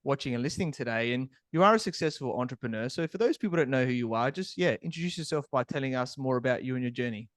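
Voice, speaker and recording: A man hosting a business podcast, reading an energetic, scripted introduction. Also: medium pitch, fast, few pauses, no echo, studio quality. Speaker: podcast host. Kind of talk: upbeat interview hosting.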